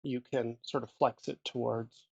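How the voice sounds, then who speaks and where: A man's voice: mid-range voice, flat delivery, vocal fry, a little mellow, breathy edge, no echo. Man, podcast co-host, casual tabletop gaming chat, dull lo-fi dry sound. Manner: thoughtful, restarts a lot, drifts loose and slow. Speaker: podcast co-host, game master. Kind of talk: casual chat about running tabletop games.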